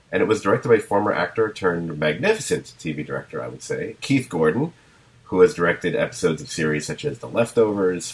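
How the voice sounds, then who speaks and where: A man hosting a podcast in relaxed conversation. His voice sits very low, and he laughs often and circles back on his own sentences as he talks. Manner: chatty, laughs often, trails into restarts. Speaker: podcast host. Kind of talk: casual chat.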